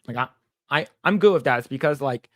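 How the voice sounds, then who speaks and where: A man's voice: mid-range voice, animated, brisk, no echo, studio quality. A man in his thirties co-hosting a casual podcast, rambling through stories and acting out quoted dialogue. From United States. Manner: rambling storyteller who acts out quoted dialogue. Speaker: podcast co-host.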